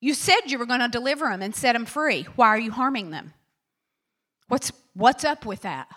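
A woman's voice: on the high side, lively intonation, normal speed, fairly bright tone. A woman preacher voicing an exasperated male prophet who questions God with pleading, indignant repetition.

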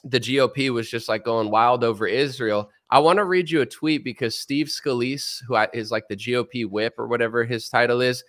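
A man hosting a casual podcast, trading jokes and sarcastic asides as he talks politics. His voice sits at a middle pitch and moves around a lot as he acts out what others might say. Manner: joking, animated, sarcastic asides. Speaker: podcast host.

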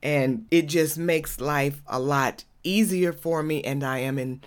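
A woman's voice: deep voice, unhurried, smooth. A woman from Georgia, hosting her own podcast in a casual, chatty way, laughing often and saying y'all. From Georgia, USA. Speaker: podcast host.

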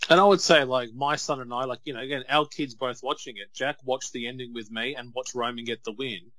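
A man, co-hosting a casual wrestling chat and telling stories in a chatty, animated way. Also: mid-range voice, fairly quick, dry recording. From Australia. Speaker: podcast co-host.

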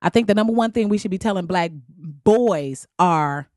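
A woman's voice: lowish voice, animated, moderate pace, darkish tone, no echo, clean studio sound. A young adult woman talking bluntly and candidly in a casual vlog, profane and laughing often. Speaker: vlogger.

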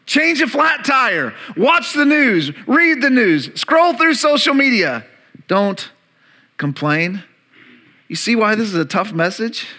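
Bright high-voiced male pastor preaching. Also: big pitch swings, unhurried, hardly any pauses. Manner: emphatic, calls on congregation to repeat words. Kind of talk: sermon.

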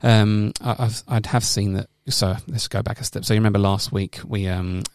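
A man's voice: on the low side, fairly even intonation, normal speed, darkish tone, no room sound, clean studio sound. A man co-hosting a casual podcast, wry and sweary, reading a letter aloud with self-deprecating asides. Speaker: podcast co-host.

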